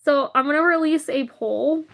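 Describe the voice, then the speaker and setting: A woman's voice: high-pitched, normal speed, creaky, background noise. A young woman streaming live, chatting casually and rambling, often laughing. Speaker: livestreamer. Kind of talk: casual livestream chat.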